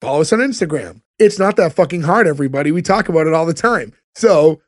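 A man's voice: a little high, lively intonation, fast talker, no echo, studio quality. A man hosting a casual podcast, talking loosely with lots of fillers. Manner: loose, rambling, frequent fillers. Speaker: podcast host. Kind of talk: casual chat.

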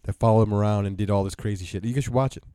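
A man's voice: lowish voice, very fast, warm tone, smooth, no room sound, clean studio sound. A man co-hosting a podcast, chatting casually and hesitantly, with many fillers and the odd curse. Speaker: podcast co-host. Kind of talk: casual chat.

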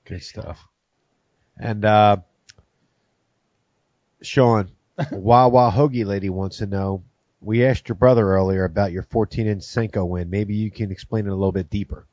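A man's voice: lowish voice, fairly even intonation, unhurried, pauses often, darkish tone, dry recording. A man co-hosting a casual chat, reading out viewer questions in an easygoing way. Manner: easygoing, laughs easily. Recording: dry, dull sound.

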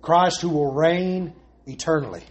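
A man's voice: fairly high pitch, unhurried. A man preaching a sermon as pastor, pressing his points with repeated rhetorical questions.

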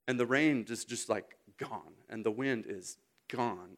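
A man in his thirties delivers a sermon in an animated storytelling way, acting out scenes and now and then breaking into sudden loud bursts. His voice sits at an ordinary middle pitch for a man. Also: unhurried. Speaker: speaker.

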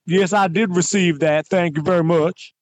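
A man doing a brash, crude young guy who claims he is out of breath from working out. He talks in loud street slang and uses a high put-on pitch. The sound is dry and close, with no room behind it. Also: steady tone, normal speed, dry recording, natural voice. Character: brash adult male gym-obsessed caller. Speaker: prank call character.

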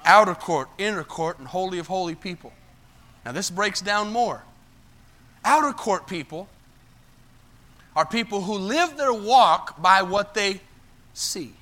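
A male pastor preaching a sermon, calling out asides to the congregation and swinging between loud emphatic bursts and low quiet lines. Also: expressive, unhurried, long pauses.

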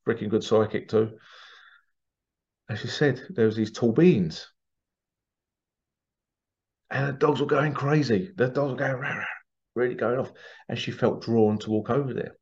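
In a dull lo-fi recording, an English spiritual channel host unhurriedly tells a rambling, casual story alone, with long pauses, restarts, and asides. His voice is lowish with a darkish tone.

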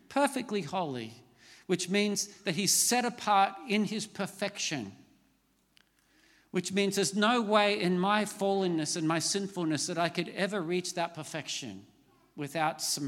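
A man's voice: on the high side, a bit bright, big-room sound. A middle-aged man preaching a sermon as a pastor, conversational and storytelling, with self-mocking asides. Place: large church hall.

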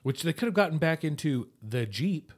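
A man's voice: a little high, very animated, moderate pace. A man co-hosting a casual podcast, recapping a TV episode and acting out the characters' lines in mock voices. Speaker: podcast co-host.

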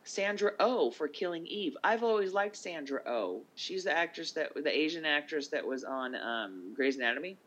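A man co-hosting a casual podcast chat, reading down a list of nominees with quick asides. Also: fairly high pitch, expressive, a bit bright, poor audio. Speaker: podcast co-host.

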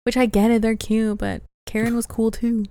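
A woman's voice: a little high, level tone, normal speed, dark tone. A woman co-hosting a casual podcast at home, chatting and recapping a TV show, laughing often. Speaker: podcast co-host. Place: home, with a cat.

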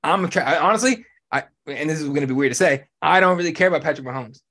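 A male podcast host ranting about sports in loose, casual chat. He talks bluntly and swears freely, with a voice sitting a little higher than most men's. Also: racing. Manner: blunt, profane, animated ranting.

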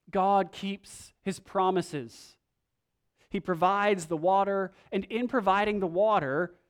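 A man preaching a sermon, reading scripture aloud and moving between emphatic lines and hushed ones. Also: a little high. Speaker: pastor.

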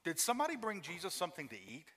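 A man's voice: high voice, wildly swooping pitch, rapid-fire, a bit bright, big-room sound. A man preaching a sermon as a pastor, telling the story with emphatic repetition and acting out the quoted voices.

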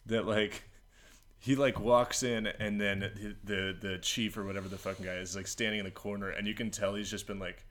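A man's voice: lowish voice, little pitch movement, moderate pace, a bit bright. A man in casual, joking conversation, rambling with lots of fillers and breaking into silly impressions. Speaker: podcast co-host. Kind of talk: casual comedic chat.

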